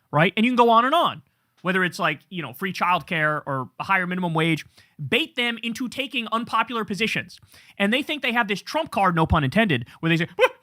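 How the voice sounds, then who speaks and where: A middle-aged man delivers a heated political monologue, his pitch leaping all over the place as he swears and mimics his opponents. The voice is bright and forceful. The sound is dry and close, with no room around it. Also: no echo. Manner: profane, animated, mocking impressions of opponents. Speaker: political commentary host. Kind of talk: ranting political commentary.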